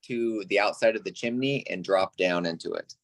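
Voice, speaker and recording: A man playing in a tabletop game, talking in an unhurried, hesitant way with fillers. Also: low voice, creaky, no echo. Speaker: player. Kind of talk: casual tabletop play.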